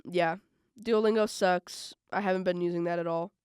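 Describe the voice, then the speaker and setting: A young woman hosting a college radio podcast, chatting casually and rambling with lots of fillers, swinging between loud bursts and mumbled asides. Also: lowish voice, fairly even intonation, normal speed, clean tone, no echo, clean studio sound. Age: young adult. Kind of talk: casual solo podcast chat.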